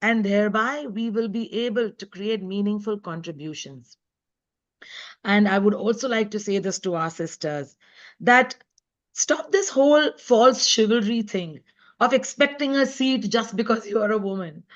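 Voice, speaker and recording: A woman's voice: medium pitch, lively intonation, moderate pace. Earnest woman guest on a video call, sounds kinda muffled and lo-fi. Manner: earnest, emphatic, heartfelt. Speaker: guest speaker and author. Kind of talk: live online talk. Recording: dull lo-fi web call audio.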